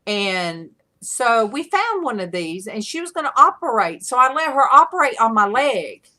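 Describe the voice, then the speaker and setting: A woman's voice: fairly high pitch, very animated, normal speed, sharp tone. A woman hosting a casual online panel chat, telling rambling stories with frequent laughter over a video call.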